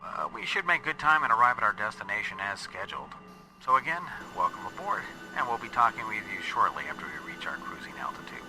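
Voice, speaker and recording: A man's voice: lowish voice, big pitch swings, quick pace, over music, poor audio. A man voicing a cheerful airline captain giving a recorded cabin announcement in a flight simulator. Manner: folksy, upbeat cabin announcement.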